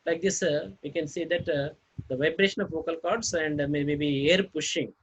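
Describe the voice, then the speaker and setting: A man teaching a phonetics lesson, spelling out words letter by letter and pausing often on fillers. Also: a little high, breathy edge, muffled recording. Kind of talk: phonetics lecture.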